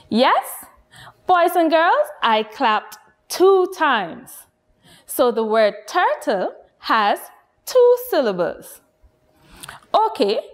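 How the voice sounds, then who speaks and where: A woman from Guyana teaching a nursery phonics lesson, speaking slowly and encouragingly to young children. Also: high-pitched. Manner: slow, lilting, encouraging teacher voice addressing children.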